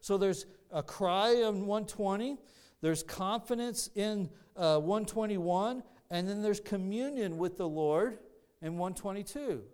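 A man's voice: sits high, a little slow, a little mellow, clear, resonant tone. A man preaching a sermon, earnest and teaching, often restarting his phrases. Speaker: pastor.

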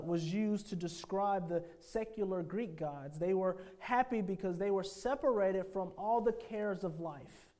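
Emphatic male preacher, mellow voice. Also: high-pitched. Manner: emphatic, with rhetorical questions to the congregation; swings between hushed phrases and forceful declarations. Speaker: pastor. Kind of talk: sermon.

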